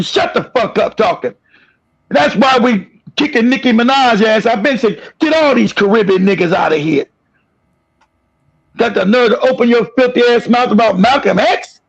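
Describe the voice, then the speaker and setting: Man, livestream host, angry profane rant, high-pitched, husky, dull lo-fi audio. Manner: profane, aggressive, shouting rant. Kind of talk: angry ranting monologue.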